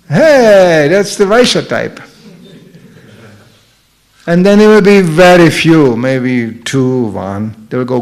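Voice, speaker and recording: With a high-pitched voice, measured pace, and frequent pauses, a middle-aged man visiting a temple teaches scripture with humor. He's a lively storyteller who plays out each character.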